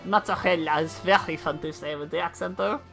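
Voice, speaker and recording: A young woman streaming a game with relaxed, wry commentary, reading the dialogue aloud as she plays. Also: sits low, brisk, creaky, faint music behind. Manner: relaxed, wry asides with swearing.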